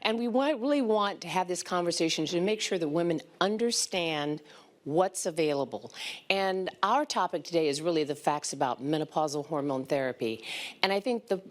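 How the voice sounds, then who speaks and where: A woman's voice: fairly low pitch, lively intonation, moderate pace. A woman physician opening a live panel on hormone therapy, talking in a conversational way with some fillers. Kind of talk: panel talk explaining medicine. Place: event stage before an audience.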